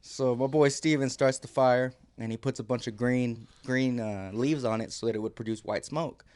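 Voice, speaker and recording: A podcast guest tells a casual story in a mid-range voice at normal speed. He's an animated storyteller who acts out quotes and laughs often.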